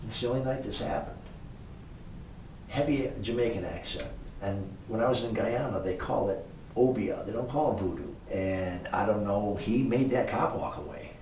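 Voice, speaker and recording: A man's voice: fairly low pitch, moderate pace, darkish tone. Older man rambling through old stories. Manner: rambling anecdotal storyteller with many fillers. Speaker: guest, former motel owner. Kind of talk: casual storytelling interview. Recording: echoey room, distant mic, faint hiss.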